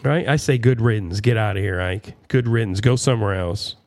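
A man's voice: fairly low pitch, brisk, a little mellow. A man hosting his own talk show, ranting in a profane, sarcastic and rambling way. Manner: rambling with fillers and asides. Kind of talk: political rant.

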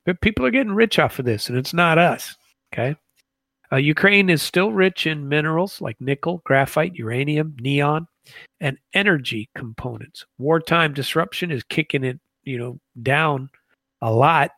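A man giving a casual political commentary monologue, halting with many fillers and restarts. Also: on the high side, expressive, a bit bright, no room sound.

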